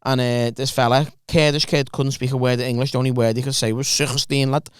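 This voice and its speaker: Sweary storytelling lad, smooth voice. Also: male voice, mid-range voice, fast, no room sound, clean studio sound. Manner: swearing storyteller, animated impressions. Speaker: podcast co-host. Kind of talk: casual chat.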